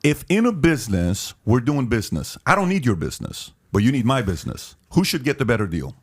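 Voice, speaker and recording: A male podcast host argues his case, pushing back and cutting in on his guest. He repeats lines for emphasis and his voice sits in an ordinary middle pitch. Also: very animated, a little fast, breathy edge. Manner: pushy, interrupts, repeats points for emphasis. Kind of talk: debate on a podcast.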